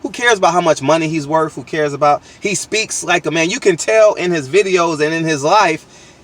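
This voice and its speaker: A man's voice: a little high, normal speed, fairly bright tone, far from the mic. A man hosting his channel, delivering a blunt, slangy, profane opinion rant with lots of emphatic restarts, recorded outdoors. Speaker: channel host.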